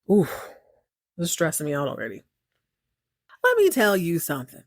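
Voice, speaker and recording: A woman hosting a podcast, recapping a TV series in a casual, opinionated way. She acts out the characters' lines and reacts out loud. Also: fairly low pitch, sing-song, moderate pace, long pauses, dry recording, clean studio sound. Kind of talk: casual chat.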